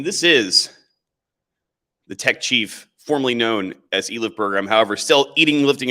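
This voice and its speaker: Standing indoors in camera frame, a man hosts a casual livestream, reading chat comments and rambling sarcastically while calling his viewers boys. His voice sits on the low side and sounds bright and forceful.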